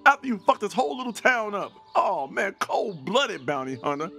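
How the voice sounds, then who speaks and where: A man's voice: high voice, very animated, normal speed, sharp tone, faint music behind, full character voice. An actor playing a swaggering male talking gun in a video game, with drawling, jeering delivery. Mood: mocking.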